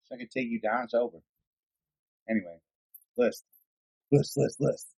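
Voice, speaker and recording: A man co-hosting a podcast, chatting casually, rambling excitedly and swearing often. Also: medium pitch, brisk, gravelly, pauses often, breathy edge, poor audio. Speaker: podcast co-host. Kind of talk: casual chat.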